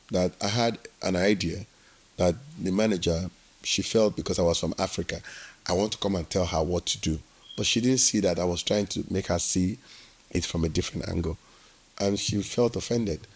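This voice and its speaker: A man's voice: sits low, moderate pace. A man from Nigeria, telling his work story as an interview guest and acting out the dialogue. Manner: animated storyteller who acts out quoted dialogue.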